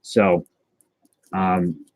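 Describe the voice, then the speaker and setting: A man's voice: deep voice, little pitch movement, drawn-out words, no room sound. A man hosting a casual livestream, chatting and answering his viewers as he goes. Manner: chatty, answers chat messages aloud, stumbles and restarts. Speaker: livestream host opening trading cards.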